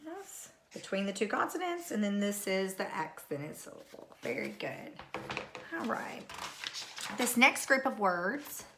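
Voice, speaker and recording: A woman teacher speaks slowly and patiently, repeating each word for young pupils in a recorded phonics lesson. Her voice is bright and clear. She keeps an unhurried pace. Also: medium pitch, sing-song, slight background noise. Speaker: third grade teacher.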